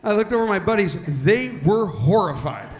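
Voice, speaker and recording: High-voiced stand-up comedian in echoey hall. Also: male voice, big pitch swings, brisk, a little hiss or hum. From San Diego, California. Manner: conversational, self-deprecating storytelling with character voices. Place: large hall with audience.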